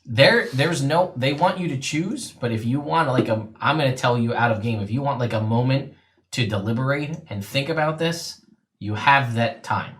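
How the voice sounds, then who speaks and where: A man's voice: medium pitch, moderate pace, fairly bright tone. Man running a tabletop game, hesitant. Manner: casual, hesitant, lots of ums. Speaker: game master.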